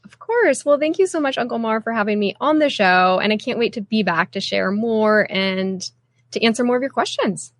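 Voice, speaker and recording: A woman's voice: a little high, expressive, moderate pace. A woman in her thirties, a nutrition coach, talking chattily as a podcast guest with lots of "like" and "you know". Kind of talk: conversational interview.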